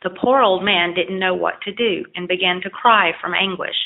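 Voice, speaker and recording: A woman reading a children's folk tale aloud at a steady, plain pace. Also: fairly low pitch, moderate pace, creaky. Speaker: audiobook reader. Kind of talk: storybook narration. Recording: tinny phone-like lo-fi recording.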